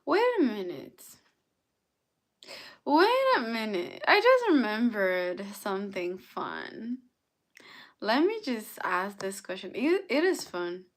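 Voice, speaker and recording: A woman's voice: mid-range voice, big pitch swings, slow pace. A young woman hosting a casual live stream, chatting, greeting viewers by name and answering their comments. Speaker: livestream host.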